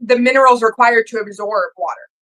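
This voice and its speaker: A woman's voice: fairly high pitch, fairly quick, fairly bright tone, low-quality recording. A woman co-hosting a podcast, talking casually and emphatically, repeating her points with plenty of "like". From United States. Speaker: podcast co-host. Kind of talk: casual chat.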